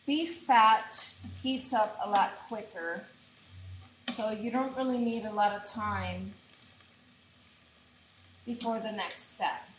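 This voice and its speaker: A woman's voice: mid-range voice, slow, long pauses, roomy sound, noisy background. A woman chef hosting a casual cooking livestream, chatting straight to her viewers while she cooks, on an earbud mic in a home kitchen. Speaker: chef and host.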